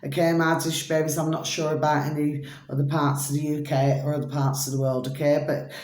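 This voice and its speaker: Brummie lady vlogging late, voice going hoarse, chatty and rambly, calls everyone babies, roomy echo. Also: deep voice, little pitch movement, fairly quick, a little mellow. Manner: rambling and affectionate, calls listeners babies, keeps asking "do you see what I mean". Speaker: spiritual vlogger. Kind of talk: rambling evening vlog chat. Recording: echoey room.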